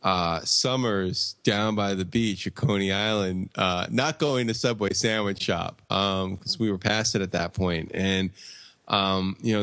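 A man co-hosting a comics podcast, chatting casually and spinning a rambling deadpan tall tale. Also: low-pitched, dry recording. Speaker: podcast co-host.

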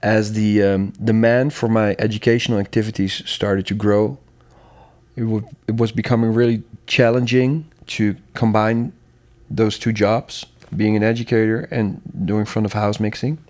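A middle-aged man from the Netherlands, a sound consultant and educator speaking calmly and thoughtfully in a casual interview. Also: fairly low pitch, normal speed.

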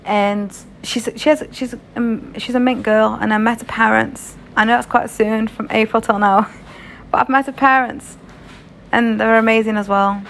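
A woman's voice: on the high side, steady tone, normal speed, gravelly, fairly bright tone, slight background noise. A young British woman telling a story in a casual vlog, frank and chatty, swearing freely. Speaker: vlogger.

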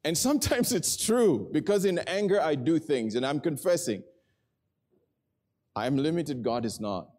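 A middle-aged man preaching a sermon in a church, telling a story with earnest energy that settles into quiet, prayerful tones. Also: fairly high pitch, expressive, measured pace. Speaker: pastor. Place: church hall with a congregation.

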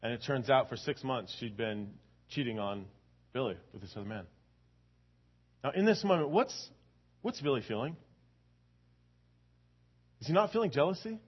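A man's voice: medium pitch, animated, moderate pace, pauses often, breathy edge, lo-fi sound. A man giving a sermon, telling a story in a conversational way with many repeated words and building to fervent emphasis. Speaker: preacher.

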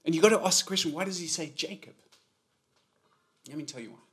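A middle-aged man preaching a sermon, moving between loud emphatic lines and quiet low ones. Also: quick pace. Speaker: pastor.

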